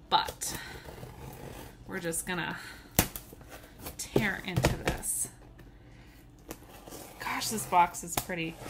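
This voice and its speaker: A woman's voice: medium pitch, very noisy. A woman with children gushing and giggling as she unboxes a gift in a casual vlog. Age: adult with children. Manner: gushing and giggly, often squealing with delight. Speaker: tumbler crafter unboxing a gift.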